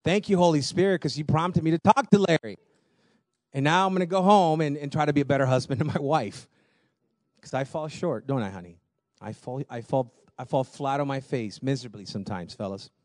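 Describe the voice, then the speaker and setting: A man preaching a sermon, telling personal stories in a lively way, laughing often and repeating words as he goes. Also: a little high, brisk, no echo, studio quality. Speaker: pastor.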